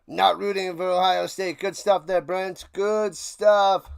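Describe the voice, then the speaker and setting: A man hosting a live football reaction stream, ranting sarcastically and calling plays, swinging between muttering and loud outbursts. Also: high voice, fairly even intonation, slow pace, gravelly, hardly any pauses, clear, resonant tone, no room sound, studio quality. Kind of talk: live sports reaction and play-by-play.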